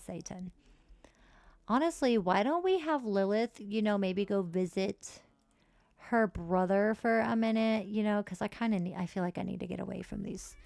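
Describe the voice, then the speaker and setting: Gravelly young woman streamer chatting. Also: medium pitch, a little mellow, no echo. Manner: chatty, swearing, narrates game characters. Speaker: game streamer. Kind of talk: casual gameplay commentary.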